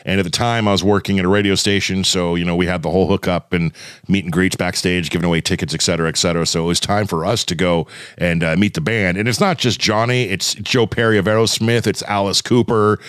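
A man's voice: low voice, fast, smooth, no room sound. Chatty man telling stories on a dry mic. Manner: animated storyteller, chatty and joking. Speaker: podcast host. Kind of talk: casual chat.

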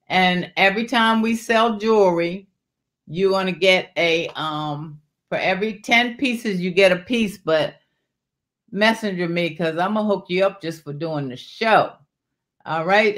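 Chatty woman hosting a live jewelry sale. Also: medium pitch. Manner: chatty, calls out viewers by name, folksy Southern-style warmth in words like y'all. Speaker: live-stream jewelry seller. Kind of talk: casual live-stream sales chat.

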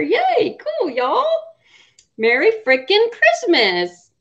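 A woman's voice: medium pitch, measured pace. Middle-aged woman host, casual livestream chat, cusses a lot, dull lo-fi sound. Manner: chatty, swears freely, laughs often. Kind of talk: casual live chat with viewers.

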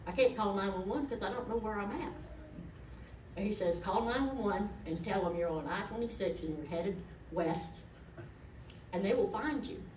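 A woman's voice: mid-range voice, normal speed, a little mellow, a little hiss or hum. A middle-aged woman, giving a eulogy in a chatty, folksy storytelling way. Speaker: eulogist, daughter of the deceased. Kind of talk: eulogy told as personal stories. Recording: echoey hall, voice from far off.

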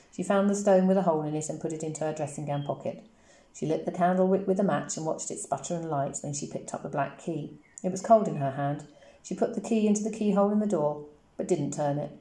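A woman teacher reading a novel aloud to her class for a lesson, in a slow, expressive storytelling manner. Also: lowish voice. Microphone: camera. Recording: roomy echoey recording.

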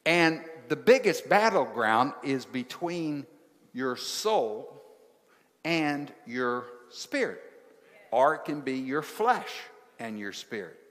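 Slow-preaching pastor in a reverberant church. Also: male voice, mid-range voice, big pitch swings, fairly bright tone. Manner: preaching in short rhythmic phrases, asking the congregation questions. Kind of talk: sermon. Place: church sanctuary. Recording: large hall with long reverb.

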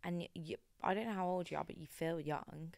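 A woman's voice: on the low side, fairly even intonation, a little fast, creaky, darkish tone, no echo, clean studio sound. A young woman from the UK co-hosting a casual chat podcast, giving blunt and cheeky advice. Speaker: podcast co-host.

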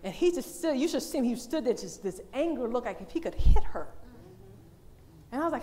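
A woman speaking at a church with a high, bright voice, preaching in a loose, conversational way. She is animated and laughs often. A faint hum of room ambience sits behind her. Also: moderate pace. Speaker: women's day speaker at a church. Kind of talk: lively church talk.

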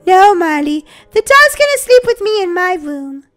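A woman doing a bright, chirpy little sister. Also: very high-pitched, big pitch swings, normal speed, soft background music, heavily acted.

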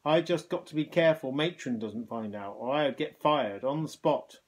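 A man voicing a kind, humble, cheerful hospital porter in a children's storybook reading, with a gentle, polite manner. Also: medium pitch, normal speed, natural voice. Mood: kindly.

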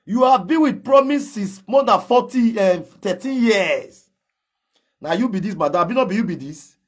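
A man's high-pitched voice, lively in intonation and moderate in pace, carries a Nigerian Pidgin English accent. He's confronting someone in a heated social media gossip rant, calling them out and challenging them head-on.

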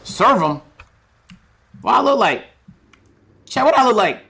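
A young man streaming a game, loud, profane and excitable, talking to his chat. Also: very high-pitched, unhurried, creaky. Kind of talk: gaming livestream commentary.

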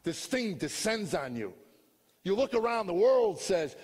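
An older man tells his own story as a comedian's testimony, moving between hushed lines and loud shouts. His voice is husky and sits a bit high for a man. It rings out in a hall with a long echo. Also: sing-song, brisk. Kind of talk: personal testimony.

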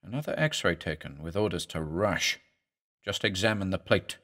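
Man reading a horror story with lively pitch. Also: normal speed. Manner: grave, dramatic reading. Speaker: narrator. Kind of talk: scripted horror story narration.

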